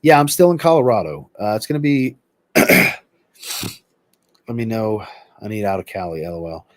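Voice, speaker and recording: A man hosting a livestream and chatting casually, reading viewer comments aloud and answering them in a relaxed, rambling way. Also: on the low side, moderate pace, dry recording, studio quality. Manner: relaxed, rambling, with filler words. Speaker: host.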